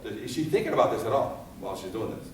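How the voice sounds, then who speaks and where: A man giving a fire safety seminar, animated and firing rhetorical questions at his audience, recorded in a seminar room. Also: fairly low pitch, quick pace, a little hiss or hum. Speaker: fire escape safety instructor. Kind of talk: seminar lecture. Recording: echoey hall from far off.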